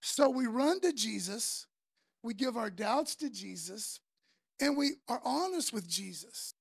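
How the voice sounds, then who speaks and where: A man's voice: very high-pitched, animated, unhurried, gravelly, slightly rough, dry recording, studio quality. A man preaching a sermon in a casual, earnest way, using slang fillers as he talks. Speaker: pastor.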